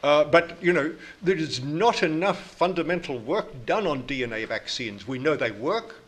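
A man from New Zealand with a New Zealand accent, an invited scientist answering audience questions in a measured, explanatory way with frequent restarts. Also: a little high, expressive. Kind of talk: lecture Q&A answers.

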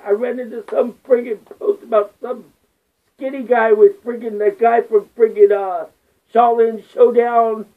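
High-voiced man ranting crudely. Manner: rambling, crude, repeats filler curses. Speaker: vlogger. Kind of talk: profane ranting monologue. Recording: tinny phone-like lo-fi audio.

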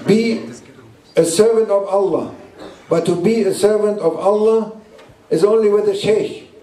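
Male Sufi sheikh, sermon, halting repeated lines, distant roomy recording. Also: sits high, mellow. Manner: repeats short emphatic phrases, halting non-native English. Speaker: Sufi sheikh teaching a gathering. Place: indoor gathering room at a guesthouse. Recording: roomy echo, distant mic.

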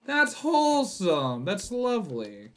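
Young man, gaming channel host, horror let's play, jumpy, curses, slightly high voice. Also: wildly swooping pitch, slow pace. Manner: jumpy, swears and yells when startled; reads in-game notes aloud. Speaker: gaming YouTuber.

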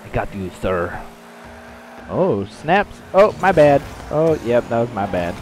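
A man giving excitable gameplay commentary, shouting reactions and trading playful trash talk. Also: mid-range voice, slow, a little hiss or hum. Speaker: gaming channel host.

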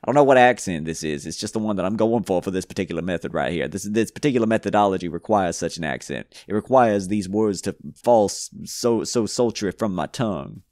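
A man's voice: low-pitched, fast talker, hardly any pauses, clear, resonant tone, no room sound, clean studio sound. A man putting on an unplaced, mock-sultry accent while talking over his game.

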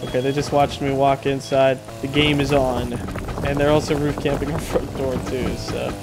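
A man chatting casually through a survival game, excitable and swearing, often repeating himself. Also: medium pitch, moderate pace, vocal fry, loud music behind the voice. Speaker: gaming video creator. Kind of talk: casual gameplay chat.

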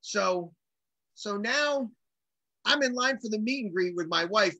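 Animated drummer guy telling a story, bright voice, dry close sound. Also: high-pitched, a little slow, no echo, rough recording. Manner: animated, acts out quotes in lively voices. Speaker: guest drummer. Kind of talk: casual storytelling.

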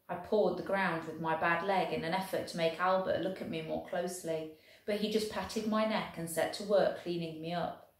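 A woman English teacher reading a novel aloud in a steady, expressive storytelling voice. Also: fairly low pitch, moderate pace. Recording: very echoey room.

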